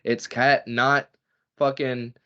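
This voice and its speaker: A man's voice: medium pitch, takes it slowly, clean tone. Profane, ranting male podcast co-host. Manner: profane, animated rants. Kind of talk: casual sports chat. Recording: dull lo-fi podcast audio.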